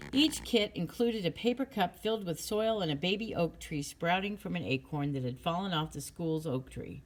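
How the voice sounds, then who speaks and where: A woman narrating a children's chapter book with a low voice. She tells the story in a clear, steady manner, easy to follow. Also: normal speed, hardly any pauses.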